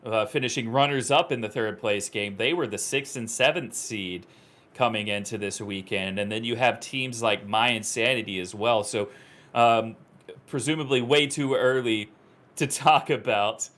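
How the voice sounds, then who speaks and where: Guy calling an esports final live, gets real excited and high-pitched on the big plays. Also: normal speed. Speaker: esports commentator. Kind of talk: live esports play-by-play commentary.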